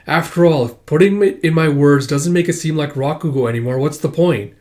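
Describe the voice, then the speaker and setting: A man reading aloud from a comic and voicing an eager young female storyteller in a raised, louder voice. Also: a little high, brisk, lightly acted. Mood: excited. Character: excited young woman storyteller.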